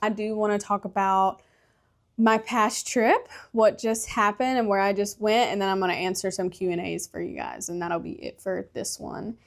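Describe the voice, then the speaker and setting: A woman's voice: mid-range voice, steady tone, moderate pace. A young woman hosting her own podcast, chatting candidly about her life and travels, laughing often and swearing freely. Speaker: podcast host. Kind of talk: casual solo podcast chat.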